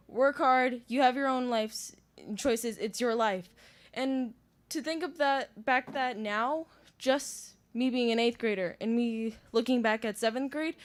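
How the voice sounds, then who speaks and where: An eighth-grade girl speaking heartfelt and plainspoken during public comment at a school board meeting. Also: on the high side. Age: teenager, eighth grader. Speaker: student speaker.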